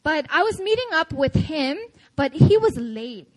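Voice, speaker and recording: A woman pastor giving a chatty, animated sermon, telling stories and often laughing. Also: high-pitched, a little slow, rough recording. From United States. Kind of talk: sermon with personal storytelling.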